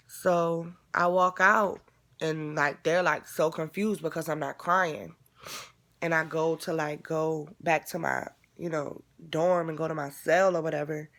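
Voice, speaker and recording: A woman with a low, gravelly voice recounts a painful memory for her vlog. She talks casually and candidly and swears freely. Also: fairly bright tone. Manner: casual, profane, candid retelling. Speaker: vlogger. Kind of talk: emotional personal storytelling.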